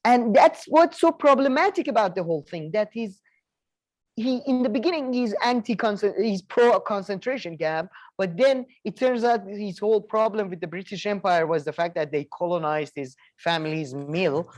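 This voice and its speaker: A man co-hosting a casual film review chat, rambling with many restarts and animated asides. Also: sits high, normal speed, no room sound. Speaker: co-host.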